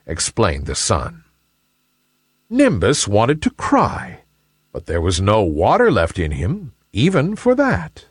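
A man reading a children's story aloud in an expressive, unhurried way. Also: lowish voice, husky, no room sound, studio quality.

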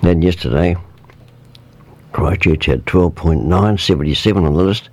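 A man with a New Zealand accent reading the local weather report on radio, relaxed and informal, with fillers. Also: low-pitched, moderate pace.

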